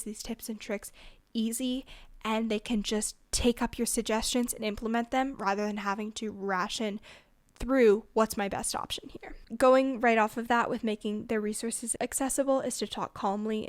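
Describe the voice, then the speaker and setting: A teenage woman hosting a solo advice podcast, talking earnestly and reassuringly in quick, list-like runs. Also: on the high side, steady tone, dry recording. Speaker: podcast host.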